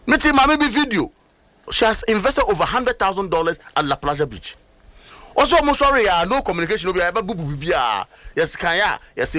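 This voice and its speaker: A high-voiced middle-aged man with a Ghanaian accent delivers heated political commentary, swinging his pitch widely. He is emphatic and fond of rhetorical questions. His voice sounds dry and close. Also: sharp tone, dry recording. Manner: emphatic, rhetorical, switches between languages.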